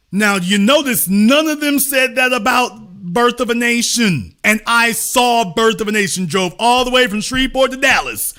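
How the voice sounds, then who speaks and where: A middle-aged man hosts a live-streamed commentary monologue in a high, bright, forceful voice. He is emphatic and repetitive, preaching his points with a pulpit cadence and swearing casually.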